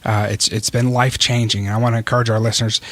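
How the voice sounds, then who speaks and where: A man's voice: on the low side, flat delivery, fast, dry recording. A man hosting a podcast interview, who speaks to his guest in an earnest, appreciative way. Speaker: podcast host. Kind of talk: interview conversation.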